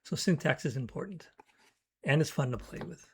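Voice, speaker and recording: A man's voice: on the high side, expressive, moderate pace, a little mellow, a little hiss or hum. A man explaining how he writes poems in a thoughtful, teaching manner, reading out short word examples. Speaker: poetry teacher. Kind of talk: educational talk.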